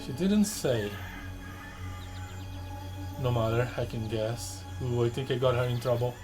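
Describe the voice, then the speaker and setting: A man's voice: medium pitch, little pitch movement, a little fast. Man reading game dialogue aloud. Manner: reads dialogue choices aloud, stumbles and repeats lines, wry asides. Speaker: gamer playing through a narrative game. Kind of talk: casual let's-play commentary. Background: game music.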